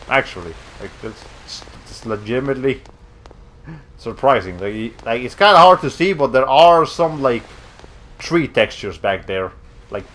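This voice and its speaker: Brief: young man, let's-play streamer, animated pitch, joking asides. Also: slight background noise. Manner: rambling, jokey, quick asides. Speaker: game streamer.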